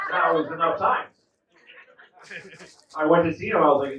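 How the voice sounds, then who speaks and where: A man in his fifties doing a stand-up set, telling stories in a lively way with acted-out quotes. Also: a little high, normal speed, long pauses, dull audio. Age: 50s. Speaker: stand-up comedian. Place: indoor comedy club. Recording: echoey club, distant mic, noisy.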